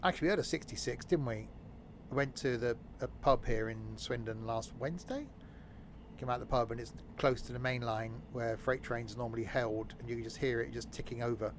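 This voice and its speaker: A man's voice: medium pitch, a little fast, a little hiss or hum. A young man chatting casually as he streams a game, joking and narrating what he does. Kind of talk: casual gameplay commentary.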